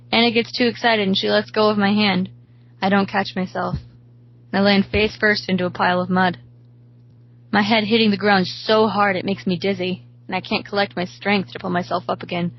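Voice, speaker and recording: A woman reading a horror story aloud in a steady, hushed way, recorded slightly dull. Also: medium pitch.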